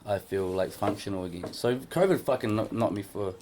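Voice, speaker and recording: A man chatting on a podcast in a somewhat low voice. He tells his story in a loose, rambling way, filling it with "like" and "you know." He is frank and swears without thinking about it. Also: fairly quick, a little mellow, slight background noise. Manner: rambling, filler-heavy storytelling. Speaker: podcast co-host. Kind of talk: casual podcast chat.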